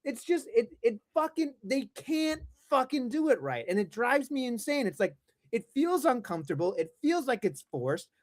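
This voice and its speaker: A podcast co-host ranting heatedly about wrestling, swearing in nearly every line. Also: male voice, very high voice, sing-song, normal speed. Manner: swears constantly, heated rant. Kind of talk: profane ranting wrestling talk.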